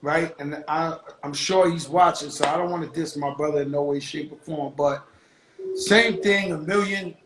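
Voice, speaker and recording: A heartfelt man hosts a casual conversation over a call and often stumbles over repeated words. His voice sits a little high. The room around him sounds echoey. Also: steady tone, normal speed, background noise. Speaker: host.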